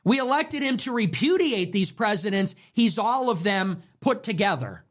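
A man's voice: sits high, big pitch swings. A young man hosting his own show, delivering a heated political monologue with strings of rhetorical questions and some swearing. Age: young adult. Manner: ranting, rapid-fire rhetorical questions, profane. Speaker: show host.

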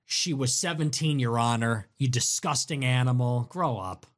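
A man hosting a livestream, reading out donations and answering them in a sarcastic, mocking way that swings from loud mimicry to low mutters. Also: moderate pace. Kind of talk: casual livestream commentary.

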